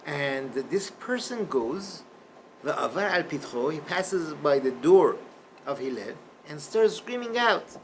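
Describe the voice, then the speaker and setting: A man teaching a Torah class in a classroom, telling a story in an animated way. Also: a little high, slow pace, slight background noise. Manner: animated storyteller, shifts voice for quotes. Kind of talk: storytelling lecture.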